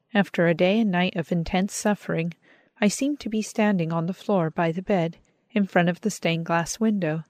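A woman calmly reading a first-person audiobook narration in a measured, earnest manner. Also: on the low side, dry recording, clean studio sound. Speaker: audiobook reader.

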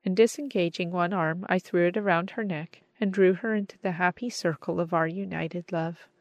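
A woman reading a story aloud as narrator, in a measured, expressive storytelling manner. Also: lowish voice, no room sound. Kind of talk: scripted audiobook narration.

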